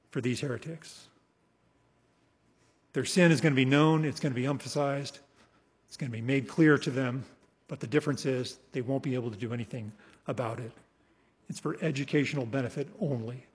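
A man preaching an expository sermon in a slightly husky voice. He leans hard on key words, slows right down for scripture readings and lets his phrases fade away. The sound carries a long reverb, as if from a large hall. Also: medium pitch. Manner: emphatic, slows for scripture, trails off softly at phrase ends.

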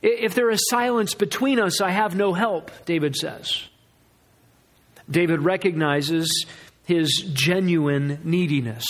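A man preaching a sermon, earnest and emphatic, often restarting his phrases as he explains a text. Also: a little high. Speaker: pastor.

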